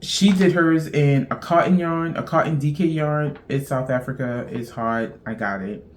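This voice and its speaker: A woman's voice: low voice, moderate pace. Middle-aged lady from central texas, chatty and rambly, laughs at herself, slight hiss behind. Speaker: knitting podcast host. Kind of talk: casual knitting show-and-tell chat.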